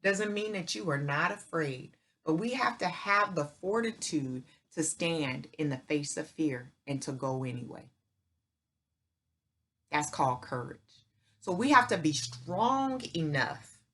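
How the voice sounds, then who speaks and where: A middle-aged woman with a somewhat low voice gives a motivational faith talk to her channel's viewers. She speaks emphatically, like a preacher, in folksy everyday speech. She repeats her key points and keeps checking in with "right?". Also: fairly bright tone, slightly rough. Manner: folksy speech with "y'all" and "ain't". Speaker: channel host.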